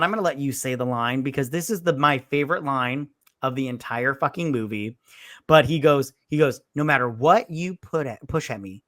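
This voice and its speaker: Bright-voiced man rambling through a plot. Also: on the high side, dry recording, studio quality. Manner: rambling, profane plot retelling. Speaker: podcast host. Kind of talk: casual movie review chat.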